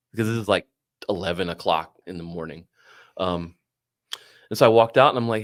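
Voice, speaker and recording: A middle-aged man telling a long story casually, animated, swearing and acting out what others said. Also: deep voice, fairly quick, long pauses. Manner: animated, swearing, acts out quoted voices. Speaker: podcast guest.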